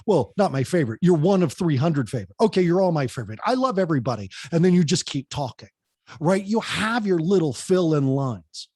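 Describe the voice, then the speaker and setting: A man talking fast and with energy as a podcast guest, giving tips on public speaking and addressing the host directly. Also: fairly high pitch, very animated, darkish tone, breathy edge, no echo, clean studio sound. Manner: talks fast and keeps the pace up.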